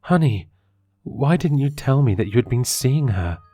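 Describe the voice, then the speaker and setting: A man's voice: medium pitch, expressive, moderate pace, mellow, no echo, faint music behind, pitched above the performer's own voice, natural voice. A man voicing a worried, tearful middle-aged mother who speaks in an anxious, pleading way.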